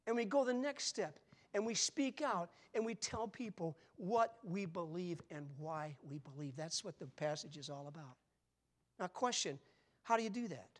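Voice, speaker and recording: A man in his seventies preaching a sermon, moving from quiet, conversational asides to loud, emphatic calls. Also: high voice, animated, normal speed. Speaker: pastor.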